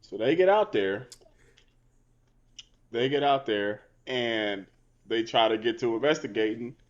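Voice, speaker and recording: A man's voice: mid-range voice, a little slow, muffled recording. A man co-hosting a comedy podcast over a video call, telling a story in a laid-back, profane way full of slang. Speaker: podcast co-host. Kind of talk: casual comedic chat.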